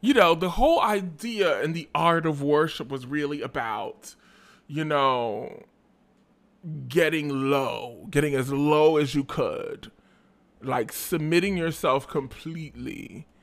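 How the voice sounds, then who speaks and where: A man hosting a podcast with a gravelly, creaky voice. He talks slowly and chattily, tossing in playful asides. He sounds tired and keeps yawning. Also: a little high, fairly bright tone. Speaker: podcast host. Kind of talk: casual chat.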